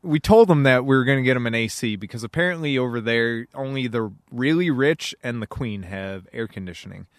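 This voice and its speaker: A man's voice: mid-range voice, expressive, brisk, few pauses, no room sound, studio quality. A young man chatting casually as a podcast co-host, laughing often and swearing freely as he rambles through stories. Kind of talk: casual chat.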